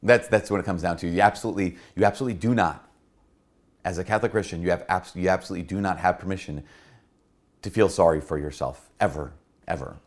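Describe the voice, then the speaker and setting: A man's voice: sits low, fast talker. A middle-aged man, a Catholic priest, giving an earnest spoken reflection and repeating key phrases for emphasis. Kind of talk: spoken homily-style reflection.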